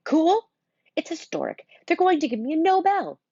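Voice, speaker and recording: A woman's voice: deep voice, expressive, fairly quick, vocal fry, breathy edge, no room sound, dull audio, exaggerated voice. A woman voicing a cranky, boastful grandfather who has turned into a thirteen-year-old boy, speaking indignantly and grandly.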